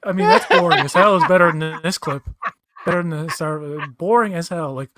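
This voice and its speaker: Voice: medium pitch, a little fast, a bit bright. A podcast co-host in casual chat, ranting with frustration and frequent swearing.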